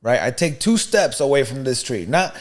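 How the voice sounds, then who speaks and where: A man's voice: medium pitch, normal speed. Slangy man telling a story. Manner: animated, slangy, "you know what I mean", "bro". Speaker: podcast co-host. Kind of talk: casual storytelling chat.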